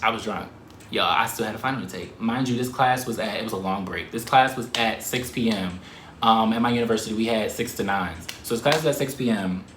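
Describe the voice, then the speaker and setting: A man telling a story to the camera in a casual, animated way, swearing and laughing often. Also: lowish voice, brisk, roomy sound, a little hiss or hum.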